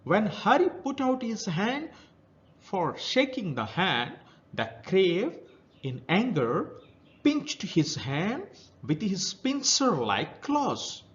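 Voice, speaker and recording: A man's voice: sits high, huge pitch swings, slow pace, dull audio. A male teacher with an Indian English accent who reads a children's story aloud and then retells each passage in simple words. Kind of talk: reading a story aloud and explaining it.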